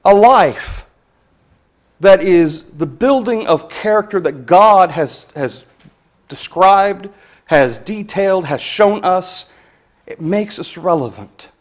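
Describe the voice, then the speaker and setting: High-voiced man preaching a sermon. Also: lively intonation. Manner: earnest, measured, quotes scripture with emphasis.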